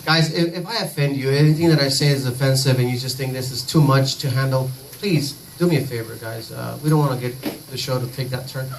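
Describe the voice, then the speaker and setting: Profane stand-up comic, heard from afar. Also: male voice, medium pitch, fairly quick, gravelly, hardly any pauses. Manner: profane, rambling, crude. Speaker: stand-up comedian. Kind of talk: stand-up comedy set. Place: comedy club stage. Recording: distant mic, noisy live recording.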